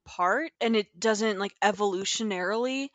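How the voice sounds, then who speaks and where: A woman's voice: medium pitch, moderate pace, no echo. A woman co-hosting a podcast in casual chat, laughing easily and swearing now and then. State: throat a bit dry, slight vocal fry. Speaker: podcast co-host.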